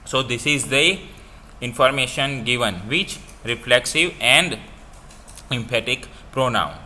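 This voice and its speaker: A man teaching a grammar lesson, explaining slowly and repeating each example with phrasing. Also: mid-range voice, sharp tone, slight background noise. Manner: slow, repetitive explaining with non-native phrasing.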